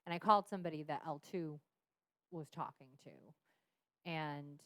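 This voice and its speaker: A woman's voice: deep voice, moderate pace, dry recording. Candid, profane woman telling her story. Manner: frank, profane, laughs often. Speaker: podcast guest.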